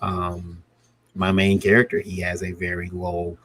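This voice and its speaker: Man, very deep voice, casual chat, rambling, jokey, video call. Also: completely flat delivery, measured pace, fairly bright tone. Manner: rambling, self-interrupting, jokey. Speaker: comic creator guest.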